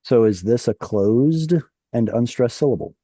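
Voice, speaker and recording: Slow, mellow-voiced male Hebrew teacher. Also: medium pitch, expressive, dry recording. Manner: patient, explains step by step. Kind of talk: online class teaching. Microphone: video call.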